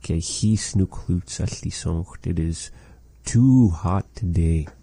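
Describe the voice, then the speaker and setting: A man teaching a language lesson, saying phrases slowly and carefully and repeating them for learners. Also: low-pitched, dark tone, slightly rough, dry recording.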